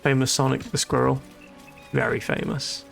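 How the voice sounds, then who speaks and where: A man's voice: mid-range voice, level tone, normal speed, vocal fry, a bit bright, soft background music. A man chatting casually and joking while live-streaming a video game, laughing often.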